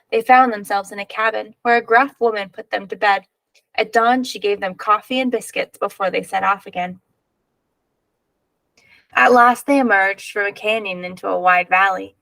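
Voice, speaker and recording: A woman reads a children's picture book aloud, expressive and clear, with a gravelly, creaky voice. The recording sounds dry and close. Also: mid-range voice, dry recording, low-quality recording. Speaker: reader.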